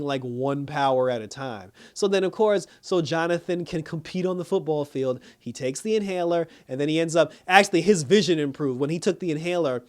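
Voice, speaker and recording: Guy doing a laid-back tv recap, lively, keeps laughing, bit higher voice. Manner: animated, laughs often, acts out quotes in higher voices. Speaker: reviewer. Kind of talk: casual TV episode recap.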